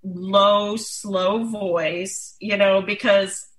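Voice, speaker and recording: A woman explaining dog massage in a relaxed, chatty way, with many fillers and restarts. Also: medium pitch, very slow. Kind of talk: casual instructional talk. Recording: roomy echo.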